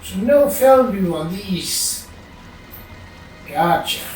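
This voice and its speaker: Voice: mid-range voice, animated, extremely slow, a little mellow, recorded from a distance, faint music behind. A gamer chatting casually over gameplay, musing and muttering to themself and humming now and then. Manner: musing, mutters to self, hums. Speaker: let's play gamer. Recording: very echoey room, off-mic, faint hiss.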